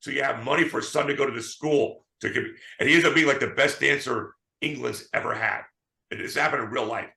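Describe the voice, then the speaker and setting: A man's voice: mid-range voice, a little fast, gravelly, echoey room. A man co-hosting a casual movie chat, telling stories animatedly and acting out quotes. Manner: animated storytelling, acts out quotes. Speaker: podcast co-host.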